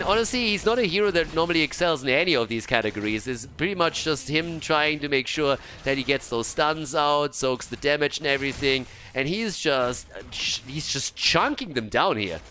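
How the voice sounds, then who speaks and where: A man casting an esports match play-by-play, excitable and laughing often, with casual swearing. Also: fairly high pitch, a little hiss or hum. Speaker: esports caster. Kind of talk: play-by-play commentary.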